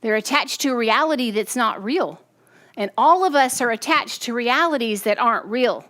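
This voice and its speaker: A woman preaching a sermon, animated and often checking in with her listeners. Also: a little high, normal speed. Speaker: teacher.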